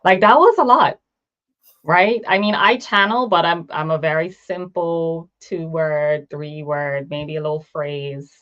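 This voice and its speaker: A woman's voice: low-pitched, a bit bright, dull audio. A woman hosting an interview, emphatic and chatty, often asking "right?". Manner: emphatic, many fillers like "right?". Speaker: interview host. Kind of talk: interview chat.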